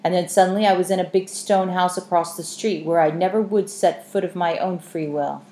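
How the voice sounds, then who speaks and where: A woman's voice: lowish voice, steady tone, fairly quick, dark tone, natural voice. A woman voicing a fearful old bearded man with a grumbling manner. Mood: grim. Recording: echoey room, faint hiss.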